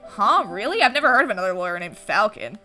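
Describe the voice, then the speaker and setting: A woman's voice: medium pitch, sing-song, fast, pushed and bright, soft background music. A woman reading the lines of an eager, chatty male sparrow sidekick from a game.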